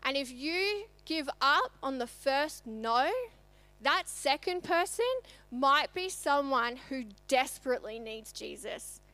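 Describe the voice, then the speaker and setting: A woman's voice: high voice, expressive, takes it slowly, bright, forceful tone. A woman, telling a story in a conversational church sermon. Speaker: church speaker. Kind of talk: sermon testimony.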